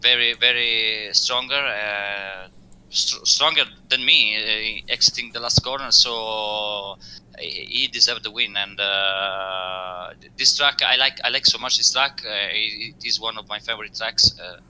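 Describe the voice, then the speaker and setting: Guy, very bright clear voice, stops a lot looking for english words. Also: lowish voice, steady tone, poor audio. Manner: halting, searching for English words with many fillers. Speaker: race driver guest. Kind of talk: post-race interview over voice chat.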